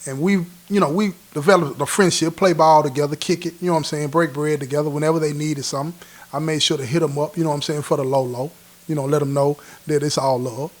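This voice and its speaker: A man's voice: a little high, fairly even intonation, fast. A man hosting his own show, telling a prison story in casual street slang and acting out what others said. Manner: street slang, acts out quoted dialogue.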